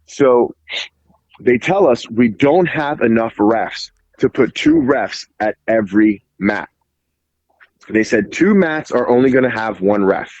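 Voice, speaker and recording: A man guesting on a podcast, telling an animated story in casual speech full of "like" fillers and casual swearing. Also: medium pitch, slow pace, no echo, lo-fi sound. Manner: animated, heavy "like" fillers, acts out quoted dialogue, swears casually. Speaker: podcast guest, jiu-jitsu referee.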